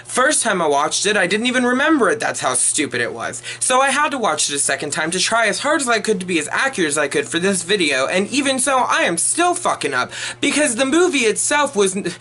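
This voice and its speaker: A young man rants through a movie review in a high, bright, sharp-edged voice. He is exasperated and profane, rambling along with restarts and swearing as he goes. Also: very animated, fairly quick, few pauses. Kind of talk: unedited ranting review.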